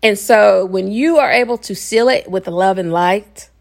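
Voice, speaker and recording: A chatty woman hosts a podcast with casual spiritual self-help talk. She rambles, laughs often and checks in with her listeners. Her pitch sits in a middle range. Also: measured pace, gravelly. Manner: laughs often while talking. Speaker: podcast host.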